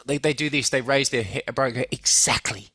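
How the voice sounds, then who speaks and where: A man spins animated anecdotes, swearing freely and acting out the voices of people in his stories. His voice has a forceful, bright edge. The recording is close and dry, with no room sound. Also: mid-range voice, quick pace, no room sound. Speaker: guest. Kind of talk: casual storytelling.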